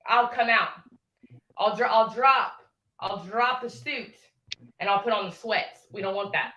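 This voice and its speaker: Bright, brash woman talking trash. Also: mid-range voice, a little slow, muffled recording. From Indiana, United States. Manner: brash, threatening, sassy trash talk. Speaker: livestream caller. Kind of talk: heated livestream confrontation.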